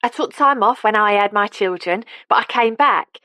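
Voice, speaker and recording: A woman's voice: medium pitch, moderate pace, sharp tone, no room sound, pitched above the performer's own voice, lightly acted. A woman voicing a practical, no-nonsense elderly woman who speaks with a Cockney accent. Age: older.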